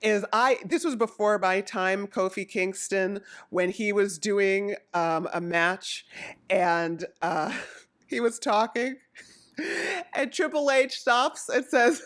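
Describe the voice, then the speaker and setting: A woman from Jamaica chatting casually about wrestling, rambling and excitable as she jumps from topic to topic. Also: medium pitch, slow pace. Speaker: wrestling recap vlogger. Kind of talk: casual chat.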